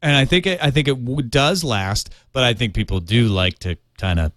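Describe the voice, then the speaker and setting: A man's voice: mid-range voice, normal speed, a bit bright, no room sound, studio quality. An American man co-hosting a podcast, chatting casually with frequent ums and uhs and a joking streak. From United States. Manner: hesitant, lots of ums and uhs, jokey. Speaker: podcast co-host. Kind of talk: casual chat.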